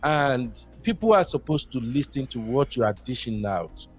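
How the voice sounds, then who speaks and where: A man's voice: medium pitch, lively intonation, moderate pace, faint music behind. A Nigerian man calling in to a talk show, chatting casually and rambling, slipping into Pidgin. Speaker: caller. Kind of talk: casual call-in chat.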